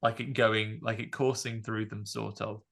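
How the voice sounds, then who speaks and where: Male co-host, gravelly and bright, animated film recap. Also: on the low side, normal speed. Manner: animated, explains scenes in detail. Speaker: podcast co-host. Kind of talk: casual film discussion.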